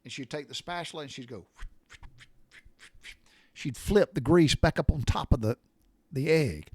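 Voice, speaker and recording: A man's voice: fairly high pitch, expressive, normal speed, a little mellow, slightly rough. Folksy older man telling stories. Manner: folksy, rambling, with mild cussing. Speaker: storyteller sharing memories. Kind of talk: casual storytelling monologue.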